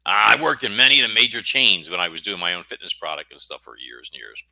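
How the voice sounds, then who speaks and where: On a casual podcast interview, a middle-aged American guest author rambles fast and cracks jokes at his own expense. His voice is very deep and gravelly, with a sharp, forceful tone, captured in dry, close sound with no echo.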